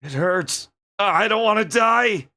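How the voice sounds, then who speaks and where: A man voicing a terrified young man being attacked, screaming and begging in high, desperate cries while reading a game's dialogue aloud. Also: lively intonation, moderate pace, vocal fry, sharp tone, exaggerated voice. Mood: agonized, pleading. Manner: desperate high-pitched shrieks.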